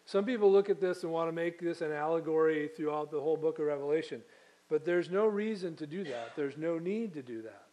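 A man's voice: a little high, fairly quick, warm tone, rough recording. A man preaching a sermon, reading scripture aloud and then explaining it with asides and small slips. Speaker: pastor.

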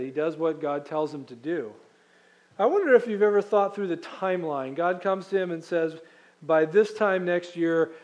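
Guy pastor giving a sermon, kinda higher voice, talks like a conversation but gets emphatic. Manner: conversational, emphatic, asks the congregation questions.

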